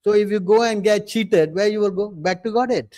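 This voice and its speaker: Giving a scripture class, a male preacher whose first language is English speaks briskly in a high but darkish voice with no room sound. He presses his points relentlessly, firing questions at the audience and demanding again and again that they listen.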